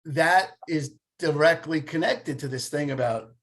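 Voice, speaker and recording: Husky older man telling stories. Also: a little high, unhurried. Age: 50s. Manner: animated storytelling, acts out quoted voices. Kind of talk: casual conversation.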